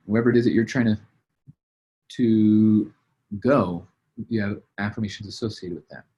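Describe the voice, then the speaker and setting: A business coach at a desk, writing while he speaks, gives a casual motivational talk about business habits, loose with fillers and restarts. His voice is lowish and dark in tone, at a normal speed, captured in lo-fi sound.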